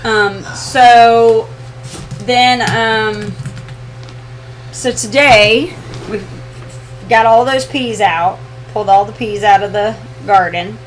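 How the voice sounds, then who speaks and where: A woman co-hosting a casual live question-and-answer chat, easygoing and quick to laugh. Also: fairly high pitch, faint music behind. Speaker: co-host of homestead channel.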